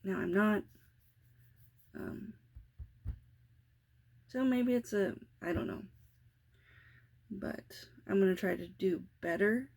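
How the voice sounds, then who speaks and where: A woman's voice: medium pitch, slow pace, gravelly, long pauses, a little mellow. A woman in her thirties, a mother talking through her day in a rambling, self-reflective vlog with many restarts. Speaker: parenting vlogger. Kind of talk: casual confessional vlog.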